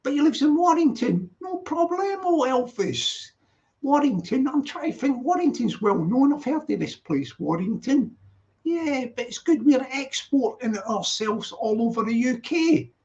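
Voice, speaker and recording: A man's voice: extremely high pitch, lively intonation, unhurried, a little mellow. A man in his sixties with a Glaswegian accent touched by London, hosting a livestream and chatting casually, rambling with many yeahs. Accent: Glaswegian with London influence. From Glasgow, Scotland. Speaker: livestream host. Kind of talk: casual livestream chat greeting viewers. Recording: dull lo-fi stream audio.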